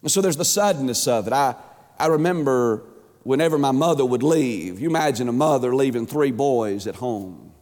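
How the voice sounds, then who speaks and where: A man preaching an emphatic sermon as a pastor, stretching words and swinging his pitch up and down. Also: expressive, normal speed, a little mellow. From Georgia, USA. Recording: long hall reverb.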